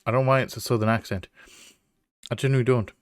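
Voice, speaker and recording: A man hosting a gameplay video, making quick, self-deprecating asides between lines. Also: medium pitch, steady tone, clear, resonant tone, no echo, studio quality. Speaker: gameplay host. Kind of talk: casual commentary over a game.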